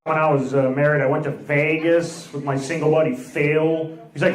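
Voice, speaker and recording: A man's voice: fairly high pitch, little pitch movement, normal speed. A man doing stand-up comedy and crowd work on a club stage, brash and teasing. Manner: brash, teasing, shifts into mock voices for bits. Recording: echoey club with loud crowd noise.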